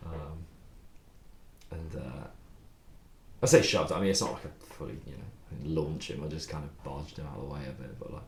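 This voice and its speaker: Young songwriter, low voice, loose rambling stream talk with swearing, recorded in an echoey room. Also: male voice, a little fast, pauses often, darkish tone, slight background noise. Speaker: songwriter streaming his writing process. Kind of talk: casual livestream chat.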